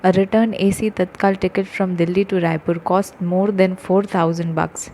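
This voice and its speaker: A woman's voice: lowish voice, steady tone, fairly quick, warm tone, a little hiss or hum, close to an everyday voice. A woman doing a stingy, sarcastic young man. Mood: exasperated. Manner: sarcastic, exasperated.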